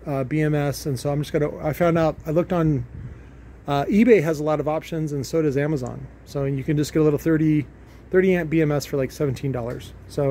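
Rambling man with a mellow voice. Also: fairly high pitch, slight background noise. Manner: rambling, filler-heavy, thinks out loud. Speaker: car audio shop owner and video host. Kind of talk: casual product unboxing talk.

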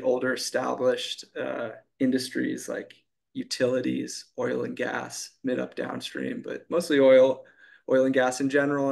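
A man moderating a panel, asking questions in a halting way with many fillers. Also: mid-range voice, vocal fry.

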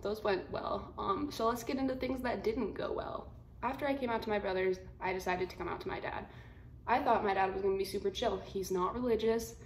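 A woman's voice: medium pitch, fairly quick. Blunt, slangy twenty-year-old woman in a roomy room. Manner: blunt, slangy, animated retelling. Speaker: vlogger. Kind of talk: casual storytelling to camera. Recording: roomy echo, faint room hum.

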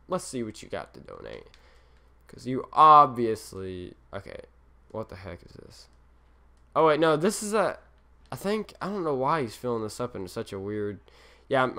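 A tired young man who hosts a gaming channel narrates his own Let's Play in a medium-pitched, sharp-toned voice. His commentary rambles and mocks himself, drifting from one topic to another.

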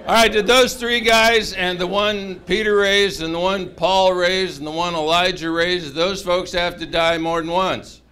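A man's voice: high voice, measured pace, hardly any pauses, a faint crowd, slight background noise. A man preaching a humorous mini-sermon to a chapel congregation, telling stories animatedly with voices. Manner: animated, jokey storytelling with voices.

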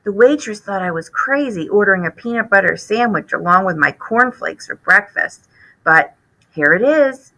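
A woman voicing a friendly young boy who speaks in a hushed way in a storybook read-aloud. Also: mid-range voice, lively intonation, normal speed, rough recording.

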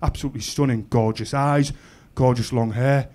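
A man's voice: medium pitch, steady tone, normal speed, darkish tone. A young man from Middlesbrough with a Teesside accent, doing a rowdy, sweary stand-up set that keeps checking in with the crowd. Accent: Teesside English. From Middlesbrough, England. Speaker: stand-up comedian. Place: comedy club stage.

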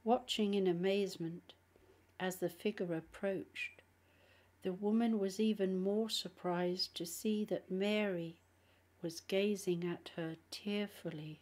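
A woman reading a nonfiction book aloud in a measured, careful way. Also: mid-range voice, fairly even intonation, darkish tone. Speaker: audiobook reader. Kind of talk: audiobook narration.

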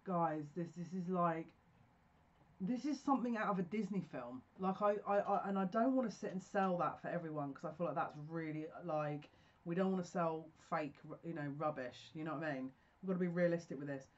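A woman's voice: fairly low pitch, brisk, muffled recording. A woman giving a pick-a-card tarot reading, effusive and emotional, talking in bursts with restarts.

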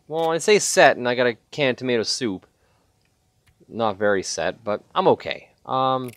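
A man giving let's-play commentary at an unhurried pace, his pitch swinging widely as he jumps from mumbling over menus to excited yelps. He swears freely and talks to himself as he plays. The sound is dry and close, with almost no room echo. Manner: chatty, swears a lot, bursts into excited yelps. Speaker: gaming channel host.

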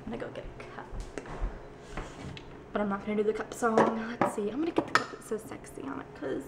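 A woman's voice: medium pitch, very noisy. A teenage girl chatting casually as she films herself at home on a handheld camera, narrating what she does. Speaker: vlogger. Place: home kitchen, indoors.

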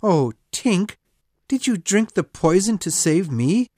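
A woman voicing a brave young boy hero in an audiobook, in a lower, earnest boyish voice. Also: sing-song, slow pace, mellow, no echo, clean studio sound, full character voice. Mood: pleading, determined. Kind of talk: audiobook reading.

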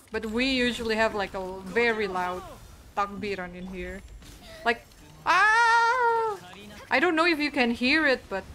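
Playful young woman streamer, high voice. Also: a bit bright. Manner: chatty, playful, giggles at her own wordplay. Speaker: game streamer. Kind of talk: casual live-stream chat while gaming.

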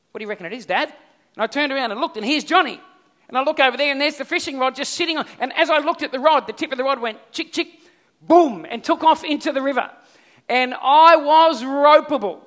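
Animated Australian man preaching. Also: sits high. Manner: storytelling, animated, repeats himself. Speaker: pastor. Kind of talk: sermon.

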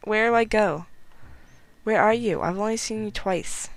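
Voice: mid-range voice, moderate pace, dry recording, low-quality recording. Giggly, jumpy gameplay commentator. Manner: chatty, giggly, self-mocking; jumpy and nervous when danger is near. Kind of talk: casual let's-play commentary.

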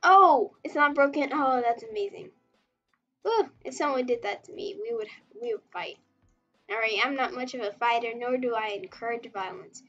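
High-voiced chatty woman streamer. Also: moderate pace, highs cut off, faint music behind. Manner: chatty, rambling, reacting to chat, giggly. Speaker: webtoon artist streamer. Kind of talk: casual livestream chat while drawing.

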